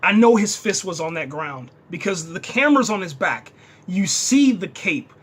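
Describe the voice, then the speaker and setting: Excitable high-voiced man reviewing a show. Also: moderate pace, husky. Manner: excitable, says "man" constantly. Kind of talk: casual unscripted review.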